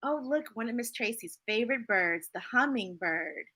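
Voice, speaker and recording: A woman reading picture books aloud to children in a playful, expressive way, asking her listeners questions. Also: a little high, moderate pace, husky. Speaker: storytime reader.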